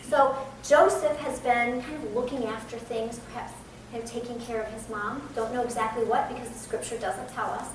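A woman's voice: a little high, fairly even intonation, moderate pace. A woman in her forties with an American accent, giving a conversational Bible teaching in an earnest tone. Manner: earnest, conversational, laughs at herself. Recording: echoey room from a distance, faint background noise.

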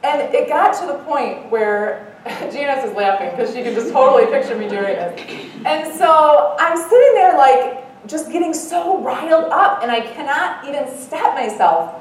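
A middle-aged woman giving an earnest devotional talk as a Bible study speaker, mixing in lively self-mocking stories. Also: high-pitched, moderate pace. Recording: echoey room, mic far off, faint noise.

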